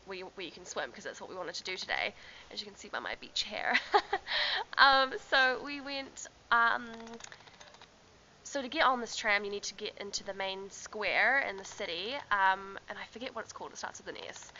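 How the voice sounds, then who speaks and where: A woman's voice: medium pitch, bright, forceful tone, highs cut off, slight background noise. A young woman telling a travel story to her camera in a chatty vlog, laughing often and filling with ums and likes. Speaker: travel vlogger. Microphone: handheld camera.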